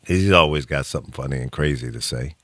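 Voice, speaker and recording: A man hosting a radio talk show in casual, opinionated chat, emphatic and quick to laugh. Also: rumbling low, no room sound, studio quality. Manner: animated, emphatic, laughs often. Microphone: studio mic.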